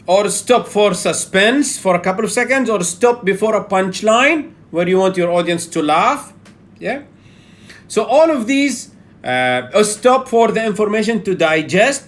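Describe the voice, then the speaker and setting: A man's voice: high voice, fairly bright tone. A man teaching a live online public speaking session in a chatty way, often checking in with "yeah?".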